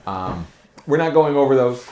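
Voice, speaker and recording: A man hosting a podcast, breaking down card game strategy in a quick, analytical way with lots of fillers. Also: medium pitch, expressive, a little mellow, reverberant, a little hiss or hum. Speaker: podcast host.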